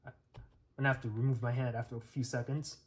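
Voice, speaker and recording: A man's voice: medium pitch, flat delivery, quick pace. A man running a casual hands-on tech test on camera, talking the viewer through each step with plenty of fillers. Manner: chatty, thinks aloud, lots of fillers and checks. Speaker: tech reviewer. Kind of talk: casual hands-on demo commentary.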